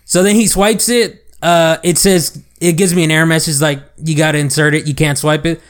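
Young guy, podcast co-host, slightly higher voice, acts out both sides of the story. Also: fairly quick, clear, resonant tone. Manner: animated retelling with quoted dialogue. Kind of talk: casual chat, storytelling.

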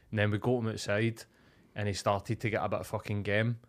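A man with a Glaswegian accent, co-hosting a podcast and telling a sweary, animated story in casual chat. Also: lowish voice, fast, creaky. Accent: Scottish, Glaswegian. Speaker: podcast co-host.

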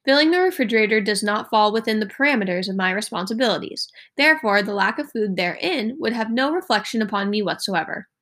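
A woman's voice: mid-range voice, lively intonation, fast talker, few pauses, fairly bright tone, close to an everyday voice. A woman reading aloud as a precise, formal boy genius who speaks in a matter-of-fact way.

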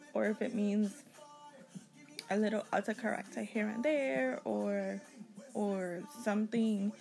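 A young woman with a Caribbean accent talks on her own podcast, rambling freely and candidly. Her voice sits a little high with a gravelly, fry-edged texture. Faint music plays behind her. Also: a little mellow, low-quality recording. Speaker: podcast host. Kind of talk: casual solo podcast monologue.

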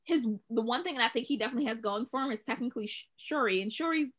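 A woman co-hosting a podcast in casual chat, laughing often and chiming in with quick quips. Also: fairly high pitch, fairly bright tone. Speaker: podcast co-host.

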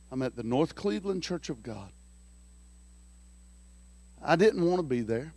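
A man preaching a sermon through folksy, joking stories, animated and lively. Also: on the high side, no room sound. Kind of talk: storytelling sermon.

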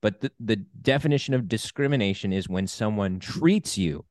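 Upbeat lower-voiced male podcast host. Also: lively intonation, normal speed, a little mellow, dry recording, studio quality. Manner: upbeat, explains definitions at length. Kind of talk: casual conversational podcast.

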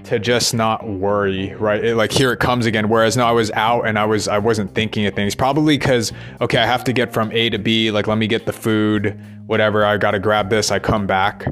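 A man's voice: on the low side, little pitch movement, fairly quick, a bit bright, soft background music. A man thinking aloud in a rambling personal monologue, restless and swearing as he questions himself.

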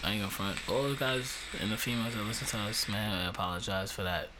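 A man's voice: fairly low pitch, fast. A young adult man, hosting a casual podcast, laughing and trash-talking in loose slang. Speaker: podcast host. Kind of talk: casual banter. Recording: noisy room recording.

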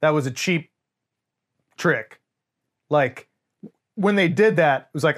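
A man's voice: a little high, animated, slow, a bit bright. A man co-hosting a podcast, reviewing a film in casual, emphatic chat and swearing freely. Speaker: podcast co-host.

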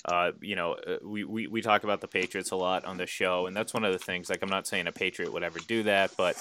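A man co-hosting a sports podcast, talking in an animated way and repeating words as he restarts. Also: sits low, fast, a little hiss or hum. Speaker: podcast co-host. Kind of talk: casual sports talk.

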